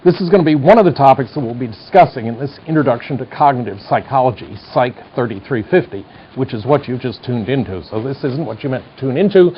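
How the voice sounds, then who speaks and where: A man's voice: mid-range voice, expressive, quick pace, a little hiss or hum. Wry older man with a General American accent. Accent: General American, slight Midwestern twang. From United States. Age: 60s. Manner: wry, chatty, digressive. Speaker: psychology professor. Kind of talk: televised university lecture. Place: studio classroom. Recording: dull lo-fi lecture tape.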